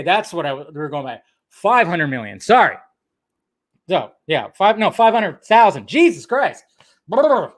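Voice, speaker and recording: A man hosting a live stream, ranting in an excitable way. He swears often and laughs at himself. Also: high-pitched.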